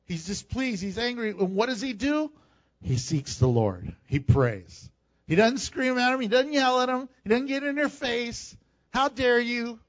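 On a lo-fi recording with a dull sound, a man preaches to his congregation at a moderate pace. His high voice stays lively and animated as the sermon alternates between reading scripture and speaking plainly.

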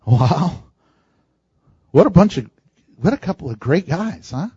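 A man's voice: a little high, big pitch swings, takes it slowly, warm tone, husky, no room sound, lo-fi sound. A male pastor preaching a verse-by-verse sermon, acting out quotes with laughter and animation.

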